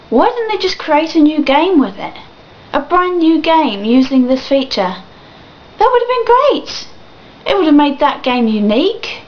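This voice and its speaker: A woman's voice: high voice, slight background noise. A young woman ranting animatedly on a video blog, swearing and laughing often. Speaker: vlogger. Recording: dull lo-fi webcam audio.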